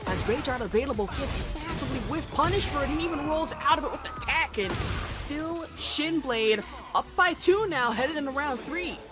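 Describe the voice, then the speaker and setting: A woman's voice: high-pitched, moderate pace. Upbeat young woman calling a fighting game over music. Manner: excitable, playful, laughs and jokes. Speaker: esports commentator. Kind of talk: fighting game play-by-play commentary. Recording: loud music bed behind.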